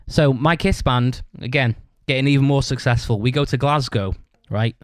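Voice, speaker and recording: A man's voice: mid-range voice, fairly even intonation, a little fast, hardly any pauses, smooth, dry recording. A man hosting a podcast, telling a rambling story, swearing constantly and tagging his sentences with "right?". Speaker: podcast host. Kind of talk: casual storytelling monologue.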